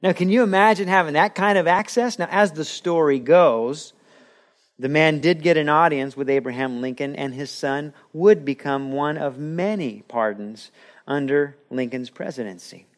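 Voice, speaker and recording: A man's voice: fairly high pitch, moderate pace. A male pastor preaching a sermon in an earnest, conversational way, acting out quoted voices as he goes.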